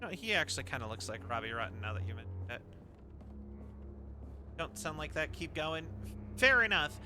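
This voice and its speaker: A man's voice: medium pitch, expressive, fairly quick, bright, forceful tone, faint music behind. A young man streaming a game, talking in a rambling, chatty way and laughing between thoughts. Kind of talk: casual game commentary.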